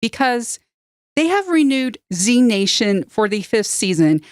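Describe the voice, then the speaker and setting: Podcast guest lady doing a news roundup, brisk, clear smooth voice, dry mic. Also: fairly high pitch, sing-song, dry recording.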